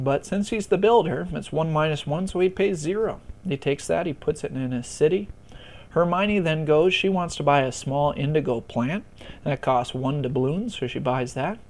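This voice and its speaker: A man walking listeners through a board game's rules in a relaxed, conversational way, with some self-deprecating humor. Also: fairly high pitch. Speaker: board game tutorial presenter. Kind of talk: casual rules explanation.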